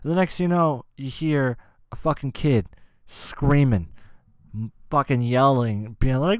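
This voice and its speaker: A man's voice: medium pitch, measured pace, dry recording. A man in his twenties hosting a casual podcast, ranting with lots of swearing and rambling restarts. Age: 20s. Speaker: podcast host. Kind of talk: casual rant.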